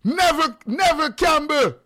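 A man with a Jamaican accent hosting a call-in radio show, loud and joking, slipping into patois. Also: very high voice, lively intonation, normal speed.

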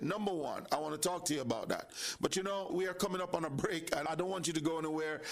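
A man with a raised, gravelly voice hosts a faith-based talk show. He talks like a preacher, repeating lines for weight and turning straight to his listeners. His delivery builds to excited, high exclamations. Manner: preacherly, repeats phrases, addresses audience directly.

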